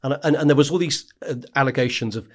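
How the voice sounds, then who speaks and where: A man's voice: medium pitch, fast talker. A man, a war correspondent, telling stories in a casual podcast chat, with frequent "right?" asides and laughing as he talks.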